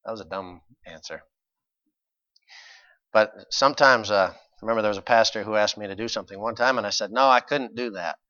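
A man preaching a sermon, moving between quiet, conversational asides and loud, emphatic points with mock voices. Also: on the low side, fairly quick, dry recording, dull audio.

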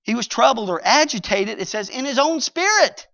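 A man preaching a sermon with emphasis, swinging between loud passages and hushed ones and reading scripture aloud. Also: extremely high pitch, expressive, moderate pace, gravelly. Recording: dull lo-fi recording.

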